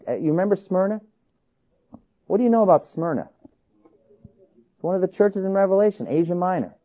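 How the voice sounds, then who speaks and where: An animated male lecturer whose pitch swings widely as he reads old accounts and acts out bits of dialogue. The sound is thin and tinny, like a phone line. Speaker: teacher of church history. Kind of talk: classroom lecture.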